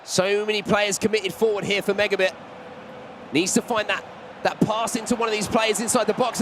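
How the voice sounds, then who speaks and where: A man with a high voice calls an esports football match play by play. He climbs in excitement whenever a chance comes. Faint noise sits under the recording. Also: fairly quick. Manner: excitable, rising on big chances. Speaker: esports commentator. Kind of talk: play-by-play commentary.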